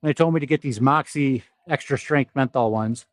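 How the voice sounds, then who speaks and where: A man's voice: medium pitch, brisk, dry recording. Nasal stuffy-nosed man in a gym. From South Dakota. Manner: profane, rambling, laughs often. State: stuffy nose. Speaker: fitness vlogger. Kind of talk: casual gym livestream chat. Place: indoor gym.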